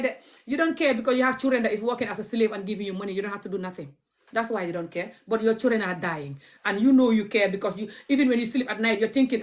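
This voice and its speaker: A woman activist vlogger, not a native English speaker, delivers an impassioned rant to camera in a slightly high voice at a quick pace. She's blunt and stubborn, repeating her points over and over.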